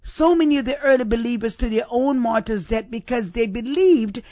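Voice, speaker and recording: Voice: medium pitch, moderate pace, a little mellow, dry recording, studio quality. A preacher giving a sermon, stressing points and repeating key questions for emphasis.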